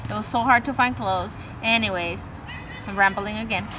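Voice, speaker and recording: A woman's voice: medium pitch, normal speed, bright, forceful tone, slight background noise, rough recording. A young woman vlogger telling a long, rambling personal story in a casual way, swearing freely and acting out the lines of the people in it. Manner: acts out quoted dialogue.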